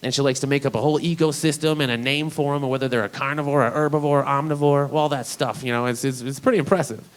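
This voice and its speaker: A young man from Idaho doing a live stand-up comedy set, telling stories in a casual, profane, deadpan way. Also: medium pitch, quick pace. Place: small comedy venue, live.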